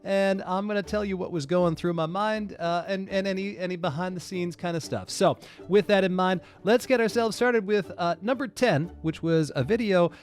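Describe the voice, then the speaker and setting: A man's voice: sits high, moderate pace. A man hosting his own creator commentary, chatty and joking as he reacts to his videos. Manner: jokey, chatty asides.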